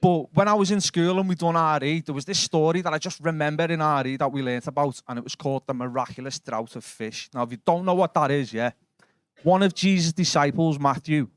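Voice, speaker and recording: A young man with a Liverpool Scouse accent doing a stand-up set in a comedy club, chatty and sweary, telling quick stories and working the crowd. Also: fairly high pitch, no echo, studio quality. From Liverpool, England.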